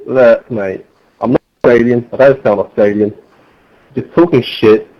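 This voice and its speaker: A man's voice: medium pitch, a little slow, muffled recording. A man racing online, mocking and insulting another driver in a heated voice chat. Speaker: rival sim racer. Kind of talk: heated in-game voice chat argument.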